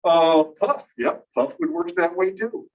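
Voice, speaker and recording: Heard from a distance in a dull-sounding room, this male lecturer walks a class through ideas step by step and poses questions to the students. He speaks a little slowly, his voice sitting high.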